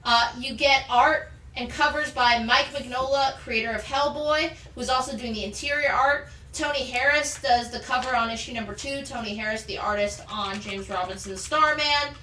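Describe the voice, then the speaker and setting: A high, bright-voiced woman hosts a live comic sale, enthusiastic and chatty as she runs through issues and prices. She sounds a little off-mic in a roomy space. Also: normal speed, few pauses, recorded from a distance. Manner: enthusiastic, chatty, rattles off item details. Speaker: host selling comics on a live show. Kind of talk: live sales pitch. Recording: roomy, off-mic, faint background noise.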